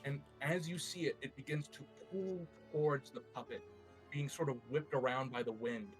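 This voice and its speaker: A man narrating a tabletop game as game master, animated and descriptive. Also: mid-range voice, moderate pace, soft background music.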